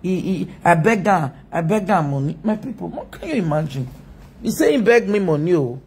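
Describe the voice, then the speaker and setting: A woman's voice: on the low side, sing-song, brisk, darkish tone, husky. A Nigerian woman ranting mockingly on a live video, scolding and laughing often.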